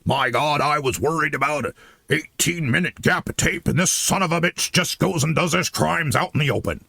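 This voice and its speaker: A man putting on the gruff, low voice of an old male ex-president's ghost, griping from the afterlife. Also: moderate pace, sharp tone, no echo, clean studio sound, exaggerated voice. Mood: indignant.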